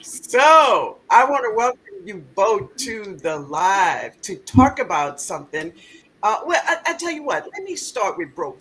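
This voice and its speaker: A woman's voice: medium pitch, very animated, unhurried, fairly bright tone. A woman hosting a live stream in a casual, chatty way, greeting viewers by name and laughing often.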